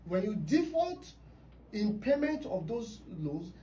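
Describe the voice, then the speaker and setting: A woman's voice: medium pitch, very animated, slow, dark tone. A woman hosting a radio talk show, telling stories emphatically. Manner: storytelling, emphatic. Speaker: radio host. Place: radio studio. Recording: distant mic with faint noise.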